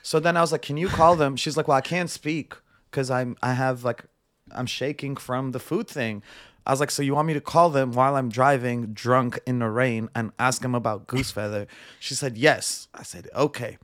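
A young man chats as a guest on a podcast in a mid-pitched voice. He spins a long, rambling story and acts out each exchange with "I'm like" and "she's like". His talk is loose and casual, full of "like". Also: fairly even intonation, normal speed, fairly bright tone.

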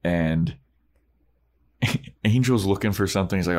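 A man's voice: rumbling low, fairly even intonation, unhurried, pauses often. A man co-hosting a podcast, recapping a show in laid-back casual chat and acting out the lines. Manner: storytelling, laid-back, swears, acts out lines. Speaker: podcast co-host.

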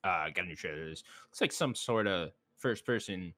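A man's voice: low voice, expressive, normal speed, pushed and bright. A man co-hosting a gaming podcast in casual chat, laughing easily and moving the list along. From United States. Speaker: podcast co-host.

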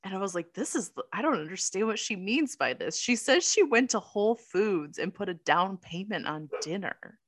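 A woman's voice: medium pitch, moderate pace, few pauses. A woman co-hosting a casual chat, wryly recapping a movie plot and laughing often. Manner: lively, wry, laughs often. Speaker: podcast co-host.

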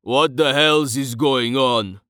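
A man voicing a stern, suspicious male adventurer who demands answers slowly. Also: lowish voice, no room sound, clean studio sound, lightly acted. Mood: demanding.

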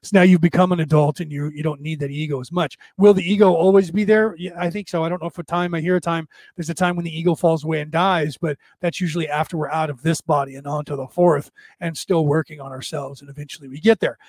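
A man hosting a casual spiritual talk for a live chat, talking close to a desk microphone, rambling and restarting, sometimes dropping to a hush. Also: on the high side, steady tone, quick pace, hardly any pauses, no room sound. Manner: conversational, repeats and restarts, drops to a hush for asides. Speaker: spiritual podcast host.

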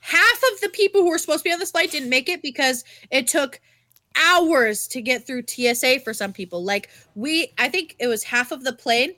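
A woman with a high, very bright voice, co-hosting a podcast and telling a story in a loose, animated way. She swears freely and fills her talk with "like." The sound is dry and close. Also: moderate pace, no room sound. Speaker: podcast co-host. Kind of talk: casual chat, storytelling.

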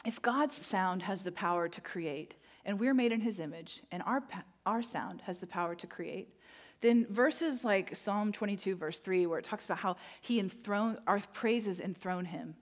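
A woman preaching a sermon, telling stories vividly and slowing down to stress key points. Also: medium pitch. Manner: animated storytelling, acting out moments; slow emphatic phrasing on key points. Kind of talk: sermon with personal storytelling.

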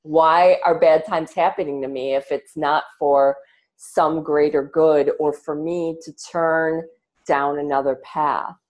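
Woman guest, low-pitched, earnest and reflective, casual with swearing, earbud mic. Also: steady tone, takes it slowly, darkish tone. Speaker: podcast guest, coach. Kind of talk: casual interview talk. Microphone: earbuds on a video call.

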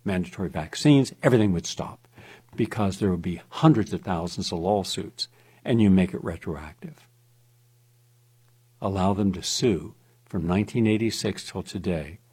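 A man with a husky, somewhat low voice holds forth on talk radio. His delivery is emphatic and insistent, pressing each point home. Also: moderate pace, darkish tone. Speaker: radio host.

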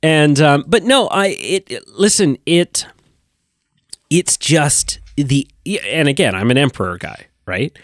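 Animated man rambling about films. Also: on the high side, takes it slowly, no room sound, studio quality. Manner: enthusiastic, rambling with restarts. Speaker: podcast co-host. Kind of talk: casual chat.

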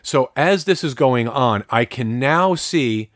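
A man co-hosting a podcast, telling a story in casual chat with lots of swearing and excitement. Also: mid-range voice, takes it slowly, dry recording, studio quality.

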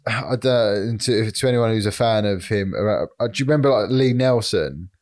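A man co-hosting a comedy podcast, explaining his views in measured casual banter and swearing casually. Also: fairly low pitch, a little mellow.

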